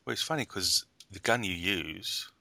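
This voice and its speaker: A man's voice: sits low, animated, moderate pace, creaky, pushed and bright, dry recording. A man hosting a podcast in casual, jokey banter, laughing often. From South London, England. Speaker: podcast host. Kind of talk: casual chat.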